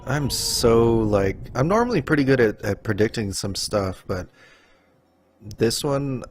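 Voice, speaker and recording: A man hosting a let's play, commenting casually and thinking out loud with many okays as he works through puzzles. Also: medium pitch, unhurried. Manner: relaxed, musing aloud with frequent okays and hms. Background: faint game music.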